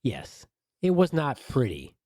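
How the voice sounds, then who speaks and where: A man on a podcast telling an animated story with crude humor in a casual way. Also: medium pitch, a little slow, no room sound, clean studio sound. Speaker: podcast co-host.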